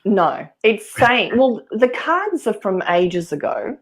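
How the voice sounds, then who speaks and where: A woman giving a live tarot reading, offering calm, earnest spiritual guidance. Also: mid-range voice, slow. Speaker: tarot reader.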